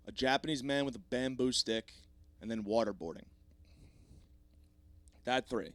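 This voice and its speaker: A man's voice: mid-range voice, a little slow, long pauses, dry recording. Podcast host, man in his 30s, profane comic ranter, voice a bit sore, dry booth sound. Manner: profane, rambling, self-mocking. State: slightly sore voice. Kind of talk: comedic solo podcast rant.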